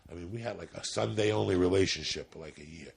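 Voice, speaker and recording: A man's voice: fast, gravelly, slightly rough. A man telling a rambling, profane story in casual podcast chat. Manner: profane, rambling, low-key. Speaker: podcast guest, comedian.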